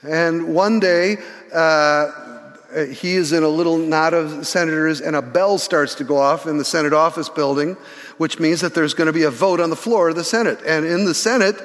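A man in his sixties telling a story in a sermon, animated, often restarting his words. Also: a little high, moderate pace. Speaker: pastor. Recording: reverberant church hall.

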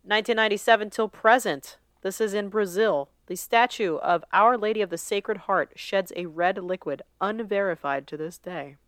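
Smooth-voiced woman podcast host. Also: medium pitch, moderate pace, few pauses, no room sound, studio quality. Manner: reads a list with loose asides and laughs. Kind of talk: casual podcast chat.

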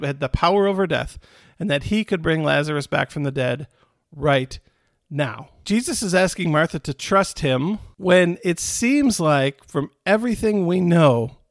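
Male preacher with a gravelly voice and a dry, close sound, teaching scripture casually and acting out the quotes. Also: fairly high pitch, dry recording. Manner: retells scripture in plain words, with restarts and repetition; acts out quoted characters with a raised voice. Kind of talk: conversational Bible teaching.

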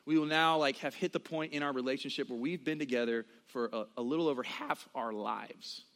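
A man in his early thirties preaching a sermon in a conversational way, with quick asides and acted-out quotes. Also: mid-range voice, fairly bright tone. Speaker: pastor.

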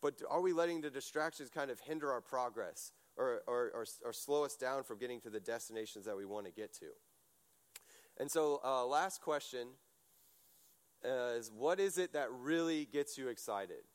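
A man preaching a casual sermon, telling stories in a chatty, animated way, full of fillers and restarts. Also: mid-range voice, moderate pace, clear, resonant tone.

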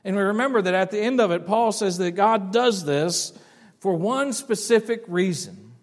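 A man's voice: sits high, moderate pace. A middle-aged man preaching a sermon as a pastor, telling a story in a conversational way and often restarting his words. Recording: long church reverb.

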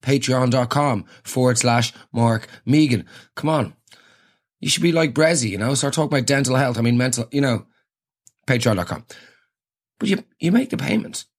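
An Irish man hosting a podcast, telling a comic story in an animated, exasperated rant. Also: mid-range voice. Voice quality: animated, exasperated ranting with swearing. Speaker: podcast host. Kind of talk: comedic storytelling monologue.

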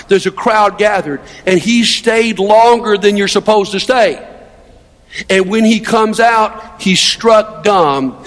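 In a long, reverberant hall, a middle-aged man with a high-pitched, somewhat bright voice preaches conversationally, weaving stories and rhetorical questions.

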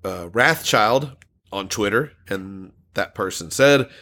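A man's voice: lowish voice, expressive, takes it slowly, bright, forceful tone. A man co-hosting a casual podcast, reading out listener comments and laughing often. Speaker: podcast co-host.

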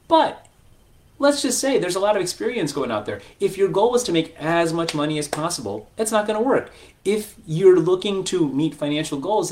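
A man's voice: on the high side, darkish tone. A man who works as a financial advisor talks to camera in a chatty, joking way, full of asides. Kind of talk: casual talking-head video.

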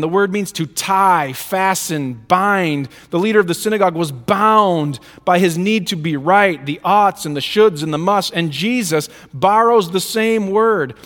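A man's voice: high-pitched, lively intonation, measured pace, fairly bright tone. A man preaching a sermon in a church, speaking with emphatic rhythm and repeated lists. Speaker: pastor. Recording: reverberant hall.

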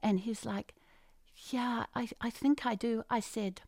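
High-voiced, exuberant Christian woman. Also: fairly even intonation, measured pace, dry recording. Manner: exuberant, bursts into loud quoted exclamations, drops to near whispers. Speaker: guest sharing faith stories. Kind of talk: enthusiastic Christian testimony.

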